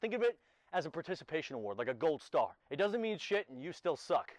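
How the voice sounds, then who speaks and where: Brief: a creepy street skater, high-pitched, wildly swooping voice, menacing and unhinged. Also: male voice, very animated, quick pace, no room sound. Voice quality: shrill, shouting, swings between wheedling and threats. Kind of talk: comedy sketch voice acting. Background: background music.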